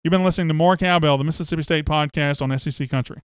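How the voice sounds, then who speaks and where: A man with a fairly high, smooth, resonant voice hosts a sports podcast, chatting casually and joking as he reads out listener comments. The sound is dry and close, with no room around it. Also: rapid-fire, no echo. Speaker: podcast host.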